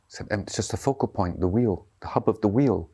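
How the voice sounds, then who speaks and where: A man's voice: on the low side, fast talker, warm tone, breathy edge. A man giving a dharma talk as a meditation teacher, speaking loosely and conversationally and often checking in with his listeners. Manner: conversational, checks in with tag questions.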